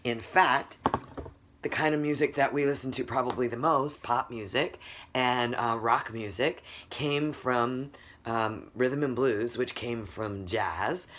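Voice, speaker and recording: A woman's voice: very deep voice, takes it slowly, a bit bright. A woman music teacher giving a recorded lesson for children, patiently counting beats aloud and quizzing the class as she goes.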